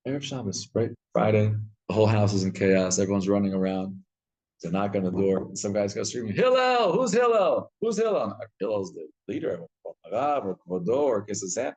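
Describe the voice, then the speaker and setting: A man's voice: on the low side, a little fast. A male rabbi gives a live Torah class in a synagogue study hall. He tells stories with animation and often repeats and restarts his words.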